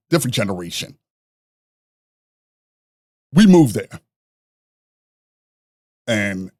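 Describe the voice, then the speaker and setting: A man, a podcast guest telling rough stories in a profane, animated way, laughing at his own jokes. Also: on the low side, no echo, clean studio sound. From New York. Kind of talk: casual storytelling.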